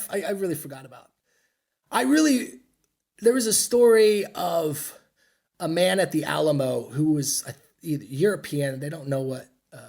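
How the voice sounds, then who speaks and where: On a podcast, a middle-aged American military veteran recounts war stories in a casual interview. His voice is on the high side, with vocal fry and a breathy edge, and his telling is rambling, blunt, profane and self-mocking.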